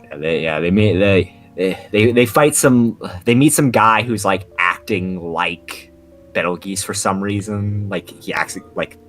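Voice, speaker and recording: Rambling young man, lowish voice. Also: measured pace, soft background music. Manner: rambling, many restarts and "like" fillers. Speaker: podcast co-host. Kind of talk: casual anime podcast chat.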